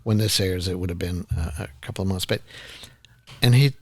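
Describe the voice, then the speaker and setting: A man's voice: low voice, fairly quick, darkish tone, no echo. Hesitant podcast host man. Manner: rambling, hesitant questions with many fillers. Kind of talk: casual interview questions.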